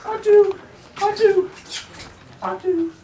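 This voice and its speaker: A woman playing Thisbe, an overwrought young maiden dying with shrill, melodramatic farewells. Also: steady tone, slow, background noise. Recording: echoey hall, distant mic.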